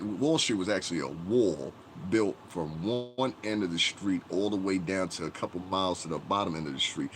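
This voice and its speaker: A man's voice: sits low, a bit bright, slight background noise. A man hosting a livestream, ranting bluntly and profanely to his chat and rambling with many fillers. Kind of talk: casual livestream rant.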